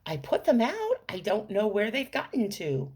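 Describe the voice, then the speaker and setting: A woman's voice: medium pitch, wildly swooping pitch, normal speed, darkish tone, slightly rough, full character voice. A woman voicing a little old woman who works at a thrift store, speaking in an offhand, unbothered way.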